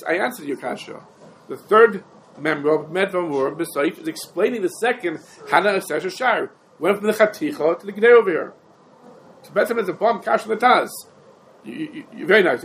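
A man's voice: sits high, fairly bright tone, slight background noise, rough recording. A man teaching a halachic text in a style lecture, posing questions and answering them himself. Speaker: Talmud teacher.

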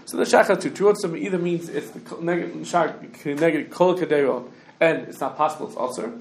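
A man teaching a Talmud class to students, talking quickly and restarting often, with Hebrew and Yiddish terms mixed in. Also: fairly high pitch. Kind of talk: casual Talmud study lesson. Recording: echoey room with faint background noise.

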